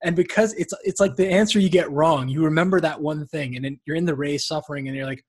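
A man hosting a casual podcast interview, eager and chatty, with quick asides. His voice sits a little high and has a husky edge. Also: a little mellow. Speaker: podcast host.

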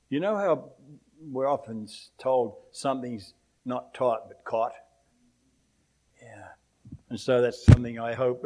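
A man's voice: medium pitch, a little mellow. Older Australian man, accent worn down by years in the States, rambling church storyteller who chuckles a lot. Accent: Australian, softened by years in America. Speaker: preacher. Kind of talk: anecdotal sermon.

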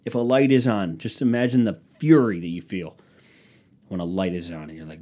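Alone on his podcast, this young host wanders through crude, disorganized stories, mocking people's voices when quoting them. He speaks briskly in a low, mellow voice.

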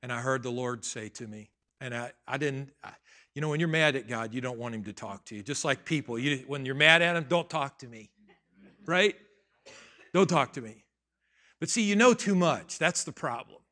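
Bright-voiced male pastor preaching conversationally. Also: mid-range voice, a little fast. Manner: conversational, swings from quiet asides to loud emphatic bursts. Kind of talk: sermon with personal story.

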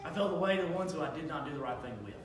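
A man in his thirties preaches a sermon, his voice high and bright. He moves from easy conversational talk to loud, shouted exhortation. The sound is distant and heavily echoing, with a faint hiss behind it. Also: lively intonation, very fast. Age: 30s. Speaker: pastor. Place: church sanctuary.

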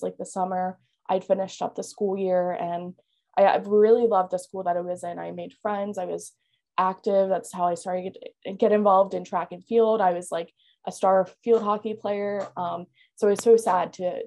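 A woman's voice: lowish voice, little pitch movement, moderate pace, a little mellow. A woman, telling her life story as a podcast guest, candid and earnest with lots of "like" and "you know". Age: 20s. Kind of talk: personal storytelling interview.

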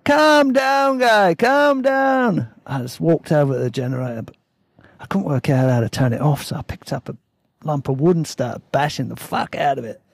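A man's voice: medium pitch, a little fast, creaky, warm tone, slightly rough, dry recording, studio quality. A man telling a story in a casual, blunt way, swearing freely.

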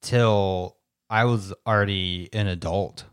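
Low-voiced man, rambling chat. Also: steady tone, takes it slowly, clean tone. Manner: rambling, filler-heavy, restarts often. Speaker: podcast co-host. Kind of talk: casual chat.

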